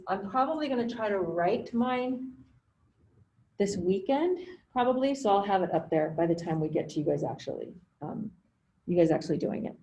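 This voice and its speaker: Teaching a writing class by video call, a woman speaks conversationally in a warm, mellow mid-range voice and keeps asking "okay?" to check her students are following. The low-quality recording carries a faint hiss.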